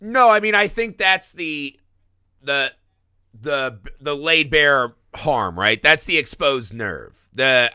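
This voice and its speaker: A man's voice: on the high side, slow pace, clean tone, no echo, studio quality. A man in a casual film discussion, telling stories with plenty of swearing. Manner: animated storyteller, swears freely. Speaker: podcast co-host.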